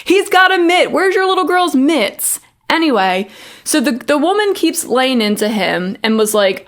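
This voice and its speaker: A woman's voice: high-pitched, sing-song, a little slow. A young woman co-hosting a podcast, chatty and recounting a story with quoted dialogue. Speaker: podcast co-host. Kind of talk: casual storytelling chat.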